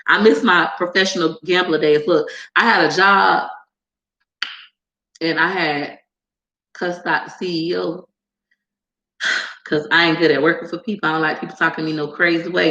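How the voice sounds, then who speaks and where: A woman vlogger telling stories in a casual, animated, slangy way, laughing often. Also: on the low side. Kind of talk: casual chat. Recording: echoey room.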